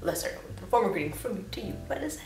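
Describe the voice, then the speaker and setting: A woman's voice: mid-range voice, lively intonation, racing. Young woman chatting through a reaction vid, giggly, kinda echoey room. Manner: chatty, giggly, voices the people on screen playfully. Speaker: YouTube reaction host. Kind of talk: casual reaction commentary. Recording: echoey room with faint noise.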